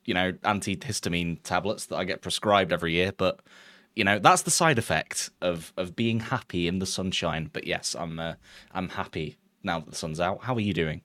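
Excitable English man chatting football. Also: deep voice, normal speed. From England. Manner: excitable, laughs and rambles. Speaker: podcast co-host. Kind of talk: casual football chat.

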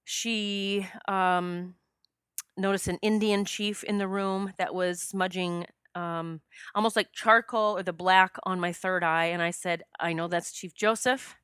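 A woman's voice: on the low side, fairly even intonation, measured pace, fairly bright tone, clean tone, no room sound, studio quality. A woman hosting a podcast, telling a personal spiritual story and getting choked up as she talks. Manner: emotional, gets choked up. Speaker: podcast host.

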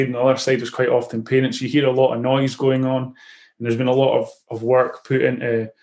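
Male host, coach type, mid-pitched, thoughtful and stop-start. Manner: reflective, halting with frequent restarts. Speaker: podcast host and football coach. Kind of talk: casual interview.

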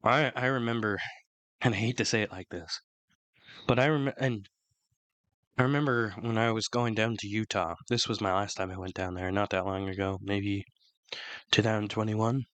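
A man co-hosting a podcast in casual, opinionated chat, rambling with many restarts, his throat still rough from flu. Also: lowish voice, steady tone, normal speed, a bit bright, no echo. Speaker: podcast co-host.

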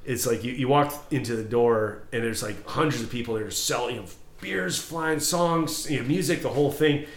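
Animated male podcast host telling stories. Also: mid-range voice, normal speed. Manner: animated storytelling, acts out scenes. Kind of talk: casual chat. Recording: roomy echo.

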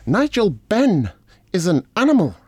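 A man doing an impression of a pompous, formal middle-aged boxer, speaking slowly with a lisp. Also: high-pitched, wildly swooping pitch, darkish tone, husky, dry recording, pitched above the performer's own voice, heavily acted. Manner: slow, lofty, lisping delivery. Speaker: impression of a public figure.

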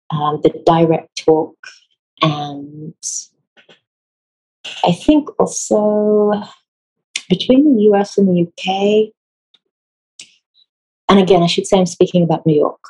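A woman from Israel with an Israeli accent, a theatre designer telling anecdotes in an interview, animated and laughing often. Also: on the low side, husky, rough recording. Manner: animated storyteller, laughs often, acts out quotes.

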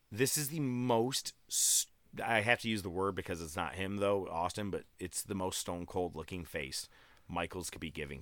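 A man hosting a casual talk show, telling animated, profane stories and quoting people as he goes. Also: lowish voice, no echo, clean studio sound. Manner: profane, animated storytelling with quoted voices. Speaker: podcast host recapping wrestling. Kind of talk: casual chat.

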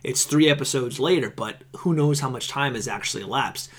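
A man's voice: medium pitch, brisk. A man co-hosting a podcast, chatting casually and acting out quotes in put-on voices. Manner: animated, acts out lines in put-on voices. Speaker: podcast host. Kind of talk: casual chat.

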